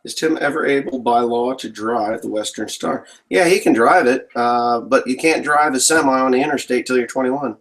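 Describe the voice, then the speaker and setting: A man's voice: mid-range voice, normal speed, few pauses, a bit bright, poor audio. A man, a farmer, casually answering viewer questions in a rambling, joking way. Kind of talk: casual live Q&A chat.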